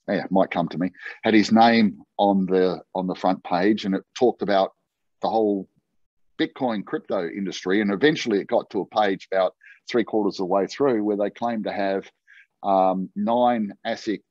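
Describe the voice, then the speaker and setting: An Australian man, a guest in an interview, telling a long story in a lively, conversational way and acting out the dialogue. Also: low voice, no echo. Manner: animated anecdote-telling, acting out quoted dialogue. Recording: dull, lo-fi and dry.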